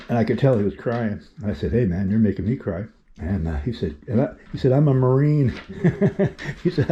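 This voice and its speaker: Casting: everyday man, lowish mellow voice, rambling vlog storyteller, dull lo-fi audio. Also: slight background noise. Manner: rambling, halting with many restarts; talks softly and higher to the dogs. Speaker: vlogger.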